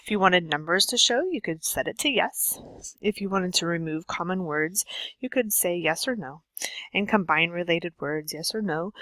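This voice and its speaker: A woman's voice: lowish voice, normal speed, bright, forceful tone, no echo, poor audio. A woman teacher walking students through a computer task step by step, patient and instructive with frequent ums. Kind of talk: screen-share tutorial lesson.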